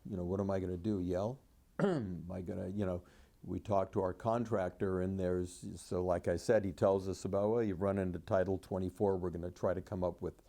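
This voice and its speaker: A man's voice: low voice, fairly even intonation, a little fast, warm tone. A man who lost his home in a fire, talking bluntly about his frustration with rebuilding delays. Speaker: fire survivor interviewee. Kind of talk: frank personal account.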